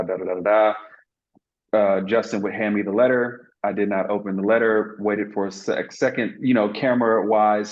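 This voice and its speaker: A man's voice: fairly low pitch, dull audio. A man being interviewed as an actor, telling a story in an earnest, reflective way with many fillers and restarts.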